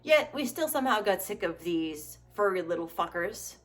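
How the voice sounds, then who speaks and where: Woman, 30s, comedy vlogger, sarcastic and profane, animated asides. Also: mid-range voice, normal speed, faint music behind. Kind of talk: casual comedic commentary.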